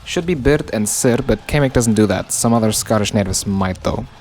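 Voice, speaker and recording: Lowish-voiced man explaining speech sounds. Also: animated, a little mellow. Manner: explanatory, slows down to spell out example words. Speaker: linguistics video narrator. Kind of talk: scripted educational narration.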